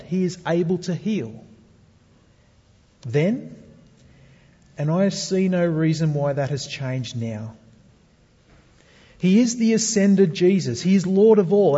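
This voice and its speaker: With a high-pitched, warm, slightly rough voice, a pastor earnestly addresses his congregation through rhetorical questions. His sermon comes across dull-sounding, under long hall reverb.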